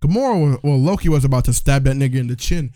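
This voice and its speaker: A man's voice: mid-range voice, expressive, fast talker, dark tone, dry recording, studio quality. A man co-hosting a podcast, ranting in casual chat, profane and incredulous. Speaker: podcast co-host.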